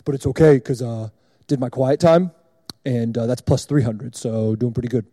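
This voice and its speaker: A man doing an impression of a deep-voiced college friend who speaks in a gloomy monotone. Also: normal speed, no echo, studio quality, lightly acted. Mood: flat. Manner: flat, unexcited, dismissive.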